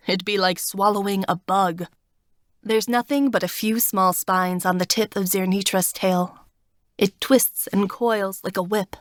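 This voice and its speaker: A woman narrating a first-person fantasy audiobook with measured, steady storytelling. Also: medium pitch, no room sound, studio quality.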